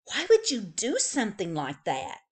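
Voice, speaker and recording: A woman voicing a stern but caring mother rabbit who asks firm, measured questions. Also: medium pitch, huge pitch swings, a little mellow.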